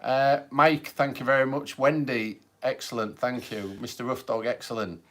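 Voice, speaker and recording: A man's voice: medium pitch, level tone, moderate pace, a bit bright, a little hiss or hum. A man with an East Yorkshire Hull accent co-hosting a casual live-stream chat, bantering and greeting viewers by name. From England. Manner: reads viewer comments aloud, banters. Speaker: podcast co-host.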